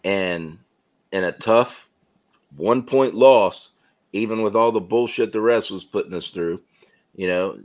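A man's voice: on the low side, measured pace. A man co-hosting a casual sports podcast, laughing often and trading competitive banter. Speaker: podcast co-host.

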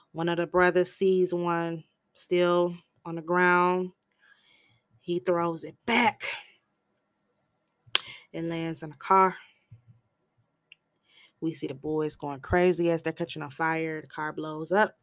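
A woman hosting a podcast, giving a casual, chatty recap of a film with animated asides. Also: lowish voice, no room sound. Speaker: podcast host reviewing a film.

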